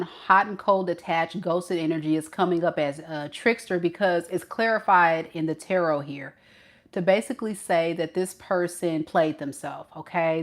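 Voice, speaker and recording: A woman giving a casual tarot reading, chatty and playful, with slangy phrasing. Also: fairly low pitch. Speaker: tarot reader.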